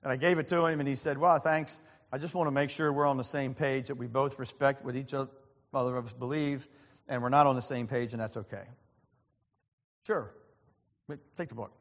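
A man preaching in a church, telling a story with earnest feeling and acting out the other people's lines. His voice sits at an ordinary male pitch. It rings with the long reverb of a large hall. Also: steady tone, a little fast. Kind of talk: sermon with personal story.

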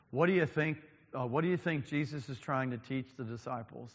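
A man's voice: fairly high pitch, expressive, measured pace, fairly bright tone. A man preaching a sermon as pastor, with frequent ums and lines repeated for emphasis. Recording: long reverb of a large hall.

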